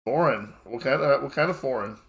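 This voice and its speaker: A man's voice: mid-range voice, fairly quick, breathy edge. Teasing man playing a tabletop game. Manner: teasing, playful. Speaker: tabletop player. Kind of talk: in-character tabletop roleplay.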